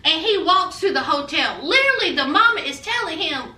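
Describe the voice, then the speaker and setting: Sassy high-voiced woman recapping TV. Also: a little fast, roomy sound, far from the mic. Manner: animated, sassy storytelling with frequent "honey". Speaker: reality TV reviewer. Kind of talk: casual recap commentary.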